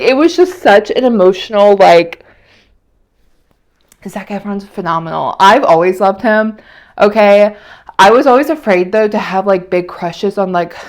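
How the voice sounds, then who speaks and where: A young woman chatting casually in a weekly vlog, rambling and emotional, with many fillers. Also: mid-range voice. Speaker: vlogger. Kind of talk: casual weekly catch-up chat.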